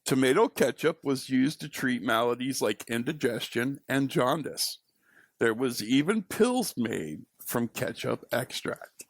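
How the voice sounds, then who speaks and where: A man's voice: medium pitch, expressive, no room sound. A man co-hosting a podcast, delivering fun facts in casual banter. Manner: slow, deliberate delivery of facts. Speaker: podcast co-host.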